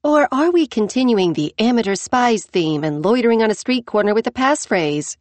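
A woman reading an audiobook voices a quick-witted young female official with a higher, brighter and livelier delivery than her narration. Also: sing-song, no echo. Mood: teasing.

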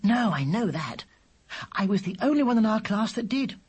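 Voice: medium pitch, big pitch swings, moderate pace, husky, pitched above the performer's own voice. A reader voicing an earnest, anxious young schoolgirl. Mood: worried earnest. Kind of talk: audiobook character voice.

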